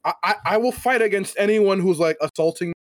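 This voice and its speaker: A man co-hosting a podcast in casual chat, excitable, laughing and repeating himself. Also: high voice, brisk, dry recording, clean studio sound. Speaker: podcast co-host.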